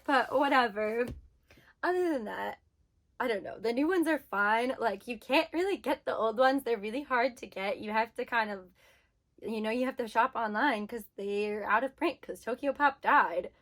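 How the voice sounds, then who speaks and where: A woman's voice: a little high, moderate pace. A woman vlogger ranting in casual chat, talking animatedly and saying "like" a lot. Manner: animated ranting, heavy use of "like". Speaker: book vlogger.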